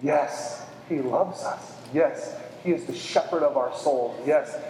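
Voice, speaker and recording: A man's voice: on the high side, takes it slowly, dark tone. A man preaching a sermon, earnest and emphatic, repeating key phrases and adding self-deprecating asides. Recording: reverberant hall.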